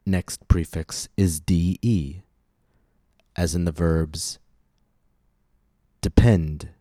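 A man hosting a scripted pronunciation lesson, speaking in slow, deliberate, clearly enunciated drills. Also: sits low, fairly even intonation, dark tone, no echo, studio quality. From United States. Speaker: pronunciation teacher and podcast host.

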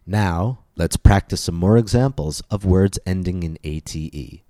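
A man presents a scripted English pronunciation podcast in a very low, mellow voice. He speaks slowly and deliberately, enunciating every syllable. The recording is dry and close, with no room sound. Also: no room sound.

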